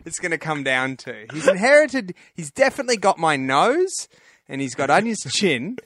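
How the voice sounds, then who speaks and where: Animated man telling stories. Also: on the high side, normal speed, no room sound, clean studio sound. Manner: animated storytelling, laughing often. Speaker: podcast co-host. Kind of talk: casual comedic chat.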